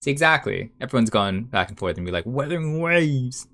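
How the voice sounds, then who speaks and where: A man's voice: fairly low pitch, lively intonation, quick pace, creaky, pushed and bright. A young man chatting casually while he draws on a live stream, rambling and muttering to himself with a self-mocking manner. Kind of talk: casual chat while drawing.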